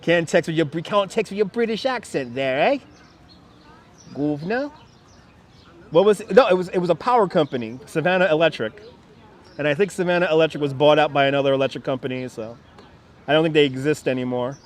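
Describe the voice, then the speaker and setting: A man's voice: fairly high pitch, fast talker. A man hosting a casual outdoor livestream from a city park, chatting in a rambling way and reading viewer comments aloud. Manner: chatty and rambling, with frequent laughs and restarts. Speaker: livestream host. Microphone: wireless clip-on mic. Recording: faint outdoor background noise. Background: faint city park ambience with birds.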